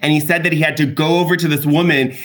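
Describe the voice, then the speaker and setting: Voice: medium pitch, steady tone, fast, fairly bright tone. A podcast co-host in casual gossip chat who laughs often and reacts with disbelief.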